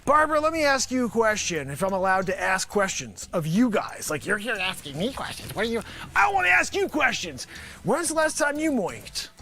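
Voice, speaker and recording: A man hosting his own show, rambling through a sarcastic, excitable comic sales pitch. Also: normal speed. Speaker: host. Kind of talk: comedic improvised pitch.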